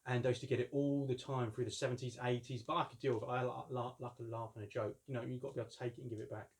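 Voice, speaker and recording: A man of about fifty, chatting casually and telling jokey stories as he unboxes a collectible. His voice sits at a plain mid pitch, and he rambles with easy humour. The sound comes from a camera mic indoors at home. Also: flat delivery, very fast. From London, England. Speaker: collector reviewing a figure.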